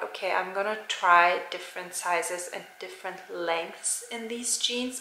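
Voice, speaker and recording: Slow-talking, bright-voiced woman vlogger. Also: medium pitch. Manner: chatty, describing shopping finds. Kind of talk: casual vlog chat. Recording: roomy echo.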